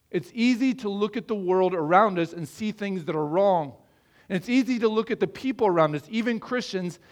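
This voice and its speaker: A middle-aged man from the American Midwest preaching a sermon, earnest and conversational, asking his listeners questions. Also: sits high. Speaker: pastor.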